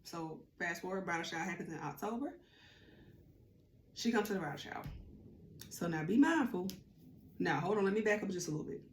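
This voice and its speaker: A woman's voice: on the low side, fairly quick, pauses often, slight background noise. Chatty woman telling a story. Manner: chatty, animated, acts out quotes. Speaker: vlogger. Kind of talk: casual storytime. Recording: roomy room with faint ambience.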